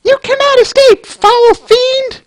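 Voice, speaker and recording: A man doing a strained falsetto pony heroine. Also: steady tone, slow pace, no echo. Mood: melodramatic. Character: young female pony heroine, dramatic. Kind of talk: comic dub voice acting.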